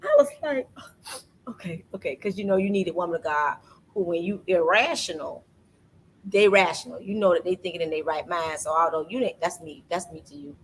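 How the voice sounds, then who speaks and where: A woman hosting a casual faith talk, telling a personal story with lively energy and acting out what people said to her. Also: on the low side, brisk, slight background noise, low-quality recording. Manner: animated storytelling, acts out quoted voices. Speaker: podcast host. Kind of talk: casual faith testimony chat.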